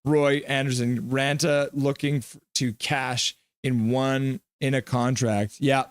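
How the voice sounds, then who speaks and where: A casual man hosts a live stream, reading viewer comments aloud and cracking jokes between bits of play-by-play. His voice is smooth and clear at a middling pitch. It is recorded close and dry, with no room sound. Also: level tone, takes it slowly, hardly any pauses, no room sound.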